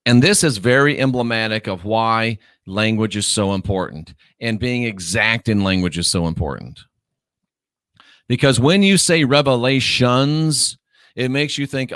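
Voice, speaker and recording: A man hosting his own online show, delivering a scornful, lecturing monologue and stretching key words out slowly for emphasis. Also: mid-range voice, a bit bright, no echo, clean studio sound.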